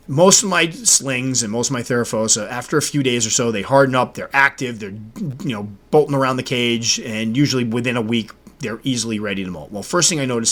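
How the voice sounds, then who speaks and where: A man hosting a casual solo podcast, telling a story with animated delivery and acting out his own exasperated reactions. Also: medium pitch. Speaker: podcast host.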